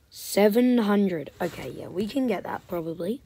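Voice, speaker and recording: A woman giving casual commentary over her game, swinging between loud protests and whispered asides. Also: on the low side, lively intonation, a little slow, gravelly, hardly any pauses, slightly rough, no room sound. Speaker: gaming commentator.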